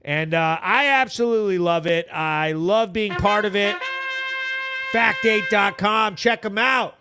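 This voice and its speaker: A man's voice: high-pitched, a little slow, music in the background. A man hosting a live local news recap show, reading viewer comments aloud in a brash, joking, slangy way that sometimes turns sing-song. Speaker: host.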